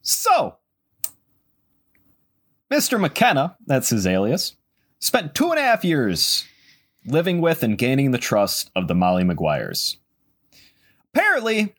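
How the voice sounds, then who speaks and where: A man hosting a podcast, telling a history story in casual chat, animated with sarcastic asides. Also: on the high side, a little slow, long pauses.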